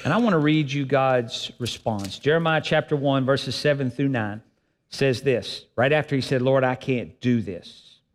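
A man's voice: medium pitch, normal speed. A man preaching a sermon as pastor, earnest and emphatic, repeating phrases for effect. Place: church sanctuary. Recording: long hall reverb.

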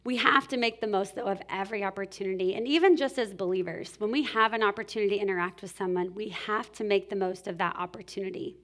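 A woman in her thirties giving a casual, animated sermon-style talk on parenting, full of "like" and acted-out parent lines. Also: medium pitch, quick pace, hardly any pauses. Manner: casual, animated, many "like"s, acts out scolding parent voices. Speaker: speaker at a church parenting talk.

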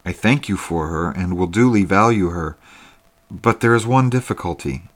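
A man reading the part of a sorrowful exiled father, speaking in a subdued, quiet way. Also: sits low, expressive, moderate pace. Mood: earnest.

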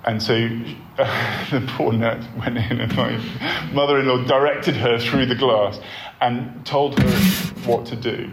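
A man leads a church course, talking earnestly and telling personal stories in a sermon-like way, often pausing on ums and restarting his sentences. His voice sits in a middle register and carries through a roomy hall. A faint hum of noise stays underneath. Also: mid-range voice, fairly even intonation. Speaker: church leader giving a course talk.

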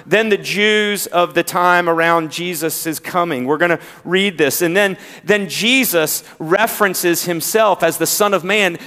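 A man with a Southern accent preaching a sermon, drawing out key words with pauses and swinging between loud emphasis and hushed tones. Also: sits high. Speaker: pastor. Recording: long hall reverb.

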